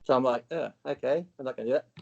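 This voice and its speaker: A gravelly-voiced Australian man talks as an interview guest. He tells his story bluntly and profanely, slipping into the voices of people from it. The audio is muffled and lo-fi. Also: medium pitch, level tone, racing. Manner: blunt and profane, acts out his own past dialogue.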